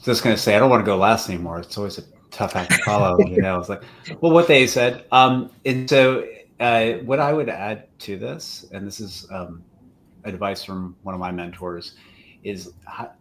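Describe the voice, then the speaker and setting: Low-voiced casual male panelist. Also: normal speed, a bit bright. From United States. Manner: casual, self-deprecating, with fillers and anecdotes. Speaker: panelist, entrepreneur. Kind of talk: panel discussion.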